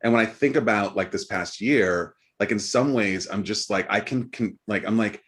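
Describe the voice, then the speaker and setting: A man's voice: lowish voice, moderate pace, a bit bright. A man co-hosting a podcast, teasing his co-host in casual chat and turning reflective.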